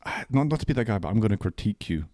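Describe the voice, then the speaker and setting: A man co-hosting a casual podcast, cracking dry, deadpan jokes and teasing his friend. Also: on the low side, racing, no room sound. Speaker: podcast co-host. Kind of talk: casual chat.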